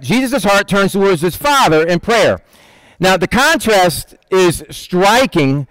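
An older man preaching as pastor, in an animated, conversational style with many asides. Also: a little high, no room sound, low-quality recording. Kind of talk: sermon.

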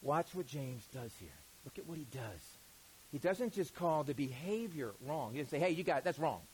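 A man preaching a sermon as a pastor, asking rhetorical questions, stretching out key words for emphasis and often dropping to a low, quiet voice mid-point. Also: animated, moderate pace, slight background noise, poor audio.

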